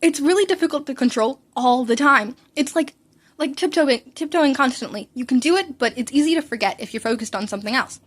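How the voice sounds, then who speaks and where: A flustered young man, read by a woman, earnest and defensive, rambling through his explanation in a high voice. He sounds like a character in a fan-read audiobook. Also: lively intonation, brisk.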